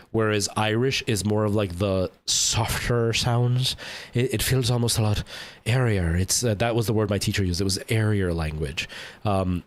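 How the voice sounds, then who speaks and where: Man rambling casually, lowish voice. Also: dry recording. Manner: rambling and thinking aloud, many fillers and restarts. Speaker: live game streamer. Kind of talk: casual chat while streaming a game.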